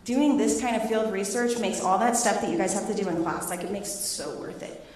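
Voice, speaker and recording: A middle-aged woman, a teacher, presenting her research to students and taking questions in a lively, laughing way. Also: mid-range voice, a little fast. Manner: animated, laughing storyteller. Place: large echoey hall. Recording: echoey hall, voice from a distance.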